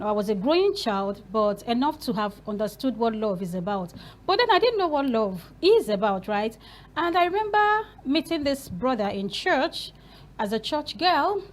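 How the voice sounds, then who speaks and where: A woman hosting a Christian talk show, speaking earnestly and preaching through rhetorical questions. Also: fairly high pitch.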